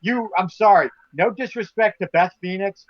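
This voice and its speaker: A man's voice: sits high, normal speed, no echo, lo-fi sound. A man co-hosting a casual wrestling talk show, emphatic and prone to repeating himself as he makes his points. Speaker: podcast co-host.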